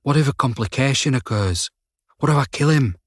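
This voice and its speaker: A man's voice: mid-range voice, lively intonation, fairly quick, no room sound, studio quality, lightly acted. A man voicing a nervous young male medic on his first shift, hesitant and worried. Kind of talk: audiobook character voice.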